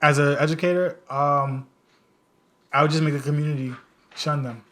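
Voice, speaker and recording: A man's voice: on the high side, fairly even intonation, normal speed, a bit bright. A man co-hosting a podcast who works as an educator, talking playfully and laughing often in casual chat.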